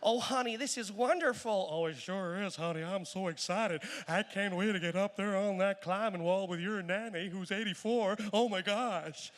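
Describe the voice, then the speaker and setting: A man playing an over-excited American tourist on a cruise ship, speaking in an American accent with breathless, over-the-top enthusiasm. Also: high voice, normal speed, hardly any pauses, in a large hall, close to an everyday voice. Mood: gushing.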